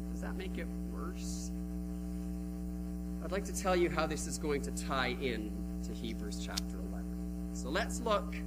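Male preacher, storytelling sermon, animated and expressive, with a lot of swing in the pitch. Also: poor audio. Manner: animated storyteller who acts out the quoted voices. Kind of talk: sermon with a personal childhood story.

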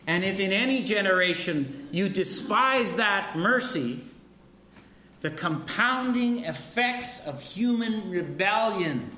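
A man's voice: high-pitched, pushed and bright, reverberant, a little hiss or hum. A man preaching a sermon in a conversational way, with frequent asides and restarts. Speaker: pastor.

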